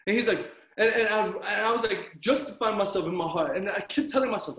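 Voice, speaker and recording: A man preaching a sermon as pastor, telling stories with animated delivery and acting out his own reactions. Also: sits high, quick pace, few pauses. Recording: roomy echo.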